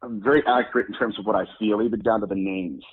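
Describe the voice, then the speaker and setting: A man's voice: lowish voice, steady tone, fast talker, breathy edge. A man, a religious demonologist, earnestly telling a personal story as a guest in an interview, often quoting himself. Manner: earnest, recounts events and quotes himself. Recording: phone-like narrow sound.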